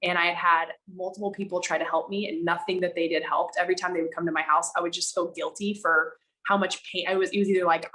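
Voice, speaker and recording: A woman with a slightly low voice speaks as a podcast guest, telling her story in an animated, emphatic way. She slows down to draw out her key words, then rushes through quick asides, and swears now and then for emphasis. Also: low-quality recording. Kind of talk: candid conversational storytelling.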